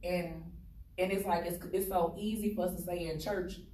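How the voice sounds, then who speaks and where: A woman with a low voice co-hosts a casual talk show. She is earnest and leans into preaching about faith and belief. Her voice comes across an echoey studio from a mic set some distance away. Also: fairly even intonation, moderate pace, dark tone. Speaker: co-host.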